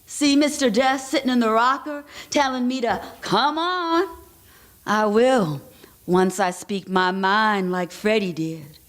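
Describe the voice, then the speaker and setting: A woman voicing a dying wife who speaks her mind, with a Southern US dialect and the slow rhythm of oral storytelling. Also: fairly high pitch. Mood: longing, defiant.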